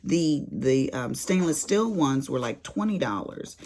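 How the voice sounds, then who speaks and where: An older woman vlogging to her viewers, telling a story in a folksy, animated way. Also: a bass voice, a little slow, a little hiss or hum. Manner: animated storyteller, folksy Southern-style talk. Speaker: crafting vlogger. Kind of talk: casual chat to viewers.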